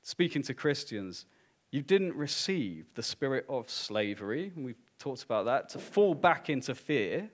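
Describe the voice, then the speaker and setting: A man preaching in a church, with a lively, widely moving pitch. He drops to a hushed, slow delivery at times, then rises into loud, emphatic declarations. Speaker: pastor. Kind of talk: sermon.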